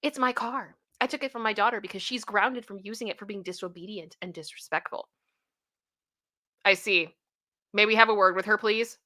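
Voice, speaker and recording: Bright, animated woman reading stories. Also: medium pitch, normal speed. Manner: animated, reads quotes aloud with outbursts of disbelief and laughter. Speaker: host reading and reacting to stories. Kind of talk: casual commentary.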